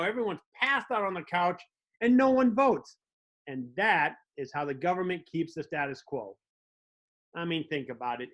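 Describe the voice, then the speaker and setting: A man's voice: high voice, a bit bright. A man hosting a comedic monologue, telling wry stories with little mock dialogues. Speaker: host.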